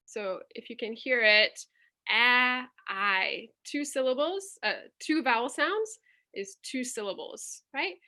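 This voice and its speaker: A woman's voice: on the high side, expressive, slow, sharp tone. A woman teaching on a video call, patiently explaining and sounding out vowels step by step. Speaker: teacher presenting a workshop. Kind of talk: online teaching demonstration. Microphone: computer mic on a video call.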